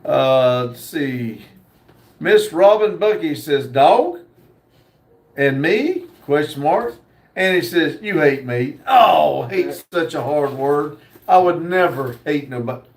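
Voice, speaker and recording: A man hosts a livestream and reads viewer comments out in a slow, relaxed drawl, pausing often and joking as he goes. His voice sits high for a man. The sound carries a roomy echo. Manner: slow drawl, unhurried, joking, with frequent "uh" pauses. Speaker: livestream host. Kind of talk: casual livestream chat, reading viewer comments aloud.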